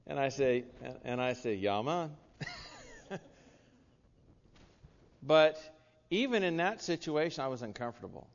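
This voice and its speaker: An American man delivers an earnest sermon at a middle pitch, often restarting his sentences and dropping in asides. His voice carries a long hall reverb, and the sound is a little dull. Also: lively intonation, a little fast. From United States. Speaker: preacher.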